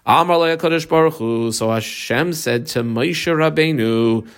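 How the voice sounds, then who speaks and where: A man's voice: mid-range voice, moderate pace, smooth. A man teaching a Talmud class, reading each Hebrew or Aramaic phrase aloud and then explaining it in English. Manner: guides students through marking the text.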